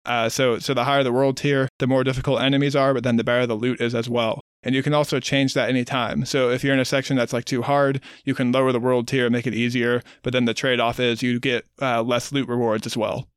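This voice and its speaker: Male podcast co-host, explainer type, smooth clean voice, dry close recording. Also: mid-range voice, level tone, quick pace, few pauses, no room sound. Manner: explanatory, walks through details. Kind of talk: casual chat.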